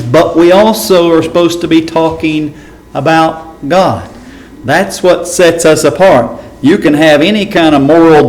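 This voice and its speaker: A man's voice: a little high, poor audio. A man, a pastor teaching a Bible study in a conversational way, often asking his listeners "right?".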